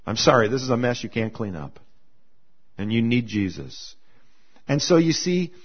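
A man preaching a sermon as a pastor, talking in a conversational way, repeating his phrases and acting out the people he quotes. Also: medium pitch. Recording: slightly dull lo-fi sound.

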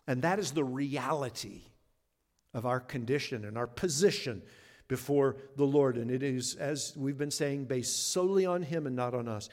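A man's voice: a little high, moderate pace. A man pastor preaching a sermon in an earnest, conversational way, leaning on words for emphasis. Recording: long reverb of a large hall.

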